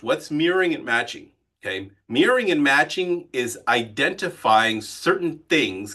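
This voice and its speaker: A man with a bright, forward voice that carries a husky edge. He coaches a group in a live training session. He talks with animated energy and keeps turning to the listeners with questions. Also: medium pitch. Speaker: real estate sales coach.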